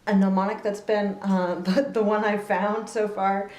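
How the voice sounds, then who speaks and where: A woman's voice: medium pitch, flat delivery, normal speed. Echoey woman teaching the fiddle. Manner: thoughtful, with fillers and soft laughs, counting beats aloud. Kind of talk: relaxed spoken music lesson. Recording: roomy echo with loud fiddle playing.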